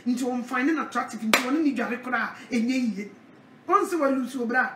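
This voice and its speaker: A woman preaching a sermon, animated, with a repeated call-out refrain. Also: fairly high pitch, normal speed, recorded from a distance. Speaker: evangelist. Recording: echoey, from off the mic.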